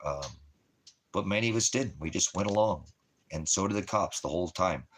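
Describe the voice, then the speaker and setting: A man's voice: low-pitched, moderate pace, a little hiss or hum. A man telling stories to his followers in a casual, coarse way, swearing constantly and acting out his own angry outbursts. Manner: coarse, swears constantly, mimics shouting at others. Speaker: ministry preacher. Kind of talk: casual profane storytelling to followers.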